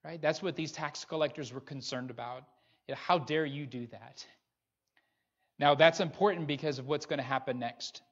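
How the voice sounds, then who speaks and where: A man's voice: a little high, moderate pace. A man preaching a sermon as pastor, earnest and pressing his listeners with rhetorical questions. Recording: dull lo-fi recording.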